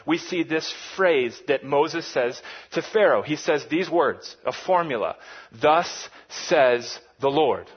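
A man preaching a sermon, swinging between hushed lines and loud, emphatic peaks. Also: a little high, breathy edge, muffled recording. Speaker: pastor.

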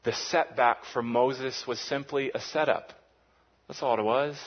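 A man preaching a sermon, swinging between hushed lines and loud, emphatic peaks. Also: mid-range voice, steady tone, a little slow, dull audio. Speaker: pastor.

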